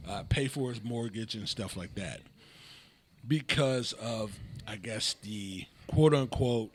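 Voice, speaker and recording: A man's voice: on the low side, slow, a little hiss or hum. A man co-hosting a podcast in casual chat, recounting a story at an easy pace with lots of fillers. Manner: laid-back storyteller, many fillers and laughs, patient pushback. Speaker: podcast co-host.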